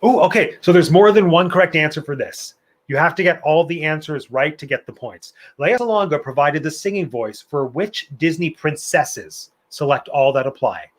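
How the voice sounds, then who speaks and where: A man hosting a live online trivia night, reading out questions and answers in a chatty, playful way with opinionated asides. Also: on the high side. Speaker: trivia host.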